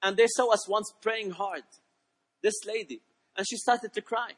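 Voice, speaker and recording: A man preaching a sermon, prodding the congregation with questions and swinging between quiet asides and loud shouted peaks. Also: high-pitched, moderate pace, big-room sound. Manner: emphatic, prods the congregation with questions.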